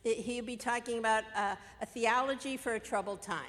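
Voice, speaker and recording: A woman's voice: a little high, fairly even intonation, fairly quick, fairly bright tone, in a large hall. A woman introducing a guest speaker to an audience in a chatty, easygoing way. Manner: chatty, light laughter between lines. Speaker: event introducer.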